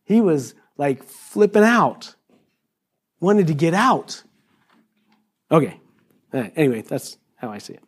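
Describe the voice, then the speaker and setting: Male pastor, middle-aged, lively and jokey sermon delivery, fairly high voice. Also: measured pace, pauses often, breathy edge. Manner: animated, jokey, acts out quotes in high voices.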